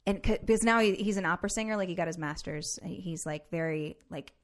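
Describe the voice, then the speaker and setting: A young woman, a musical theater actor, chatting casually with many likes and quick laughs. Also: fairly low pitch. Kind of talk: casual chat.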